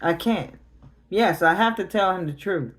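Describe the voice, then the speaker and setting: A woman's voice: lowish voice, a little slow. A middle-aged woman tarot reader talking on a livestream, grieving and confronting her family directly in casual, emotional speech.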